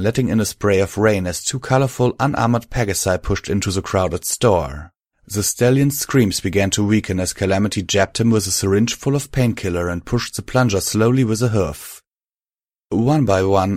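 A man narrating a fiction audiobook in a measured storytelling voice. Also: sits low, dry recording, studio quality.

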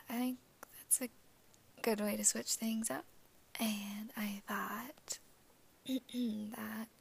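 A raspy, gravelly woman talks to her listeners in a whispered casual chat, still groggy from just waking up. She speaks slowly, with plenty of soft giggles between phrases. Her voice sits a little high for a woman. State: groggy morning voice, just woken up. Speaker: ASMR channel host.

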